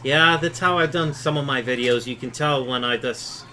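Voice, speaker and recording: A man's voice: medium pitch, moderate pace, bright, forceful tone, a little hiss or hum. A man from Chicago hosting a casual live stream, reading viewer comments aloud and answering them offhand. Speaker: aquarium channel host.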